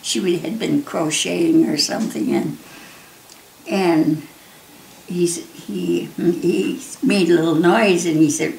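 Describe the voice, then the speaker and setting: Older woman, personal storytelling, laughs often, restarts, gravelly, roomy echo. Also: lowish voice, slow pace, a little mellow, a little hiss or hum. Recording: roomy echo, faint ambience.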